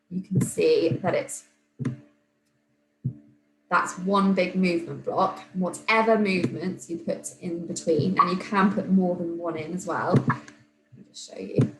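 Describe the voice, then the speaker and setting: Woman, primary school teacher, patient step-by-step explaining, faint hum behind. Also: on the low side. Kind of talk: remote classroom demonstration. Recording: echoey room, faint hum.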